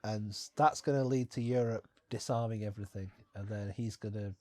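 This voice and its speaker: A man's voice: on the low side, fairly even intonation, fairly quick, darkish tone. A man co-hosting a comedy film commentary, bantering and cracking jokes. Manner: bantering, wisecracking.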